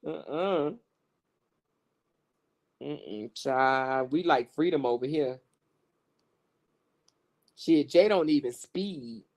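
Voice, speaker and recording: A woman's voice: sits low, extremely slow, long pauses. Woman, livestream host, gossipy chat, salty language, frequent laughter. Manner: profane, animated, laughs often.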